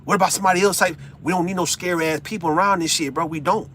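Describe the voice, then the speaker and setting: A man's voice: high voice, fairly even intonation, racing, a bit bright, a little hiss or hum. A middle-aged man in an emotional, profane monologue who stumbles and repeats words as he opens up. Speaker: vlogger. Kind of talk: emotional monologue while driving.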